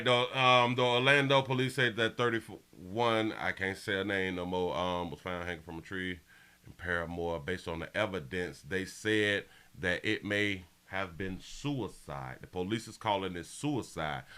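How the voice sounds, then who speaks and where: A man's voice: fairly low pitch, sharp tone, smooth. A man hosting a live show, giving loose, casual commentary on the news and talking straight to his viewers. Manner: loose, talks to viewers as "y'all", thinks aloud. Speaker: show host.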